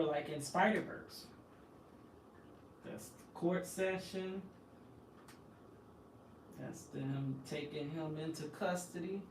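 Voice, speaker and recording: Woman venting hard, emphatic, set back from the mic, faint noise behind. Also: low-pitched. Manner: emphatic, impassioned, indignant. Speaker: host. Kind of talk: emotional personal storytelling. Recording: echoey room, distant from the mic, faint background noise.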